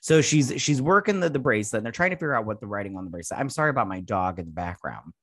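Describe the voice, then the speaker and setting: A man's voice: on the low side, animated, racing, fairly bright tone, no room sound, clean studio sound. A man hosting a casual episode review, rambling and blunt with plenty of swearing. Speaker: show host reviewing a TV episode. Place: at home with a dog nearby.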